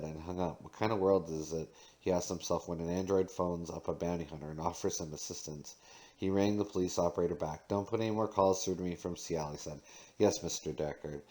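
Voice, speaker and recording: Deep-voiced man reading a novel aloud. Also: dark tone. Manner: reads with small slips and restarts. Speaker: audiobook reader. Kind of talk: read-aloud narration of a novel.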